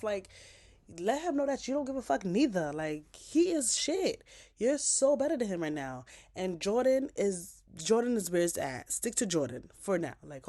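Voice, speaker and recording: A woman casually recapping a TV episode, talking in an animated, slangy, profane way. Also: mid-range voice. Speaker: TV show recapper.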